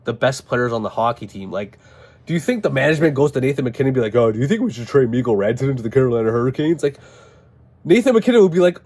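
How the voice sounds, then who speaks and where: A man ranting casually about a hockey trade, animated and swearing a lot. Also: medium pitch, husky. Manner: animated, profane, incredulous. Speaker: hockey commentator. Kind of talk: casual sports rant.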